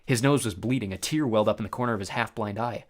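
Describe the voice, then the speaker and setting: A man's voice: lowish voice, fast talker. A man reading a story aloud, narrating expressively in the first person.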